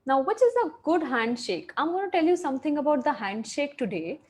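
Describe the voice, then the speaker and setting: High-voiced woman teaching kids online. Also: brisk. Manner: animated, quizzes the class and praises answers. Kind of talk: online class for children.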